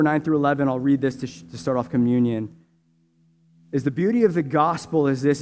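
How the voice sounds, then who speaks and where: A male preacher with a high-pitched voice leads a sermon and prayer. He drops to hushed, intimate prayer, then rises to loud, drawn-out, impassioned declarations. Faint music plays beneath him. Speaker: pastor.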